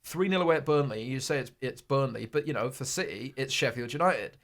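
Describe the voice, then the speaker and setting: A man's voice: mid-range voice, expressive, a little fast, a bit bright. A man co-hosting a casual football podcast, rambling through results with restarts and the odd blunt rant. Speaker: podcast co-host.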